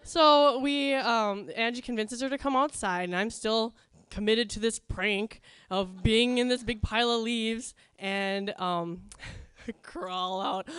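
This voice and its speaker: A woman's voice: on the high side, takes it slowly, smooth, no echo, studio quality. A woman telling a funny personal story to a live crowd in a chatty, wry, self-mocking way, with plenty of ums.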